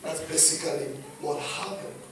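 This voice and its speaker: High-voiced Kenyan preacher in an echoey church. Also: male voice, moderate pace. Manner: emphatic, swings between loud and hushed. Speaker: pastor. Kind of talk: sermon. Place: church hall. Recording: echoey hall, distant mic, faint noise.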